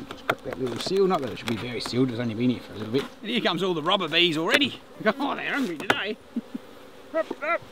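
A middle-aged Australian man chatting casually with chuckling asides while working his beehives outdoors. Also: sits high. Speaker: beekeeper vlogger. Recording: outdoor camera mic, noticeable ambient noise. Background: buzzing bees and insects.

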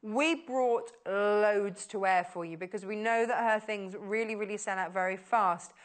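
A woman presenting on a shopping channel, giving a live on-air sales pitch in a gushing, enthusiastic way that keeps repeating words of praise. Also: a little slow. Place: TV studio.

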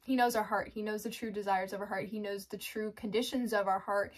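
A woman talking casually about her faith, speaking straight to her listeners in a chatty, unscripted way. She laughs often and slips into little acted-out bits of her own inner voice. Her pitch sits in the middle for a woman. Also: steady tone, a little fast. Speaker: Christian devotional vlogger. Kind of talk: casual faith talk to camera.

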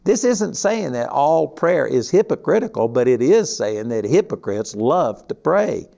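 Casting: older Texan man, Bible teacher, folksy and emphatic, mid-pitched. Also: sing-song, unhurried, creaky, mellow. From Texas. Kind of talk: teaching sermon.

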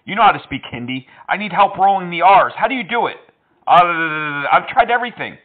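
A man's voice: high voice, big pitch swings, fast talker, breathy edge. A man making prank phone calls, talking in a mocking, teasing, playful way. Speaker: prank caller. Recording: tinny phone line.

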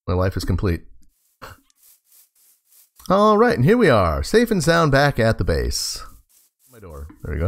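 A man talking through his game session in an easy, chatty way, stopping to coax and greet the animals he finds. His low voice has a gravelly grain. His pitch swings widely as he reacts. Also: wildly swooping pitch, measured pace, pauses often. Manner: chatty, talks to game animals, laughs often. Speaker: gaming host. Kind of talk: casual let's play commentary.

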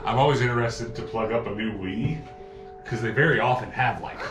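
A man's voice: medium pitch, a little fast, music in the background. A man chatting casually in a home vlog, talking to camera and to a small child as he sets up game gear. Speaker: vlogger.

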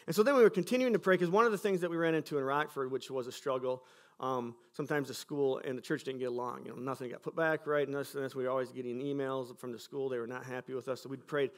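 A man's voice: medium pitch, quick pace. A man from Michigan, a pastor giving a sermon testimony in a school cafeteria, telling his church's story earnestly and acting out conversations.

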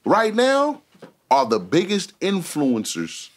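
A man's voice: on the high side, wildly swooping pitch, takes it slowly, over a noisy crowd. A man in casual studio talk-show banter, blunt and slangy, making emphatic points. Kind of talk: casual opinionated chat. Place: recording studio.

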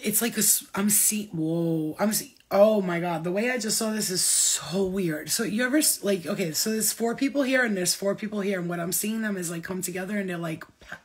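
A woman talking as a spiritual medium in a casual vlog, rambling, excitable and full of swearing. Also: mid-range voice, fairly quick, slightly rough.

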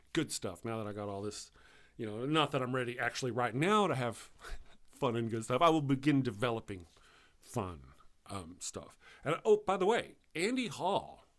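A man's voice: mid-range voice, very animated, normal speed, fairly bright tone. A man hosting a live stream show, talking in a chatty, rambling way and often correcting himself.

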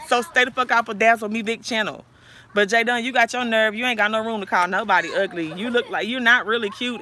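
A woman's voice: mid-range voice, bright, forceful tone, a little hiss or hum. A woman hosting a phone livestream, delivering a profane, confrontational rant at viewers she calls out by name. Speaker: livestream host.

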